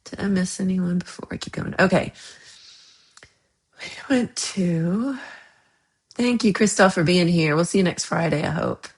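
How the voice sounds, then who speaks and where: A woman's voice: on the low side, fairly quick. A woman hosting a livestream chat, casually rambling about her week with frequent laughs, sounding a little under the weather. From United States. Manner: chatty, rambling, laughs often. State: slightly unwell after a bad night. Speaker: livestream host. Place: home.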